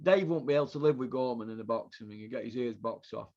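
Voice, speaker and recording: A man hosting his own show rants angrily about boxing, swearing heavily in heated, repetitive bursts. His mid-range voice is fast with a darkish tone, and the recording has a dull lo-fi sound.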